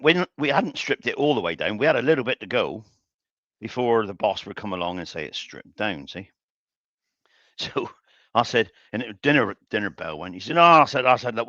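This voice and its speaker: An older man chats through a long story on a live woodturning stream, his lowish voice bright and forceful. He rambles, restarts sentences and chuckles along the way. The sound is dry and a little dull, like lo-fi stream audio. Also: no echo. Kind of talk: casual storytelling while working. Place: home workshop.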